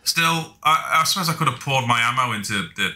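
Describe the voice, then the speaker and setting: Sharp-voiced man doing game commentary. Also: medium pitch, animated, a little fast. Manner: casual, joking, swears a lot, talks to himself. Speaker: gaming video host. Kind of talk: let's play commentary.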